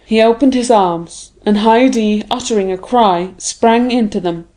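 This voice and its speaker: Mellow-voiced woman reading a classic novel. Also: a little high, a little slow. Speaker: audiobook narrator. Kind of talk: scripted narration.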